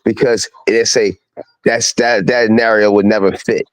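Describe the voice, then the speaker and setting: A man's voice: on the low side, little pitch movement, normal speed, no echo, rough recording. A male host chatting casually, rambling and leaning on fillers like "you know what I'm saying". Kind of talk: casual chat.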